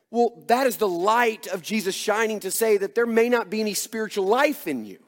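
A man's voice: high voice, expressive, brisk, hardly any pauses, in a large hall. A man preaching a sermon as pastor, earnest and emphatic, asking his listeners rhetorical questions.

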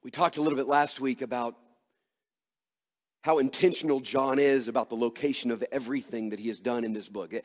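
A man's voice: mid-range voice, fairly even intonation, fairly quick, long reverb tail. A man preaching a sermon as pastor, earnest and emphatic, asking his listeners rhetorical questions.

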